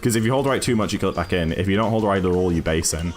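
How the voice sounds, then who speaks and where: A man's voice: sits low, racing, faint music behind. A British man chatting casually with his live-stream chat while speedrunning a game. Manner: chatty, apologetic, reads chat aloud.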